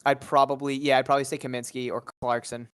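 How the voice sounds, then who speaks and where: A man co-hosting a casual sports podcast, nasal from being sick, talking in a relaxed way with many fillers. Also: medium pitch, fast, clean tone, dry recording, clean studio sound. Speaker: co-host.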